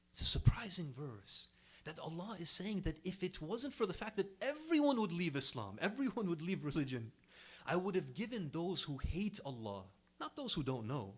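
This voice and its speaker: A young man giving a sermon to a congregation in an earnest, emphatic way, his voice rising and dropping sharply to stress each point. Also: on the high side. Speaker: speaker at an Islamic center.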